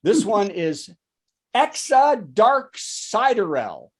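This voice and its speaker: A man, a comedian hosting a virtual show with a topical news monologue and quick asides to the audience. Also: high voice, sing-song, a little mellow, slightly rough. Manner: joking asides, checks in with the audience. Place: home setup for a virtual show.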